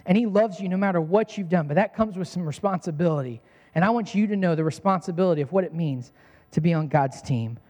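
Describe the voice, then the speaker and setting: Pastor type, male, high voice, earnest repetitive preaching, echoing church hall. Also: quick pace, a little mellow. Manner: earnest preaching with repeated phrases. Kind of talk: sermon.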